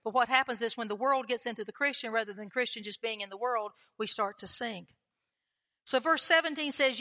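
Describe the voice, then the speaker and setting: A woman's voice: on the high side, fairly quick, sharp tone. A woman preaching a sermon in a chatty, conversational way, often putting questions to the congregation. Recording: long hall reverb.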